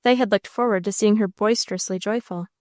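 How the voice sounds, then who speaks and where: A woman reading a classic children's story aloud as an audiobook narrator, in a gentle, measured storytelling way. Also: medium pitch, steady tone, no room sound, studio quality.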